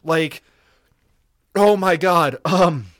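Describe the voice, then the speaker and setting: A man co-hosting a podcast, recapping episodes in an excitable, profane, laugh-filled way. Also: on the high side, very slow, no echo, studio quality. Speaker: podcast co-host.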